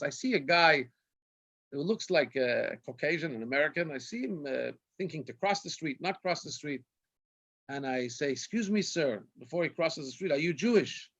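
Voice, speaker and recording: A man's voice: high voice, fairly bright tone. A man, a rabbi, telling anecdotes on a video call and laughing at his own jokes. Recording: dull lo-fi video call audio.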